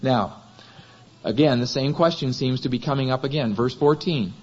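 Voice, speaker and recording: A man's voice: medium pitch, moderate pace, a little mellow, slightly rough, dull audio. A man preaching a sermon in a chapel, questioning the congregation and answering himself. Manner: asks the congregation rhetorical questions.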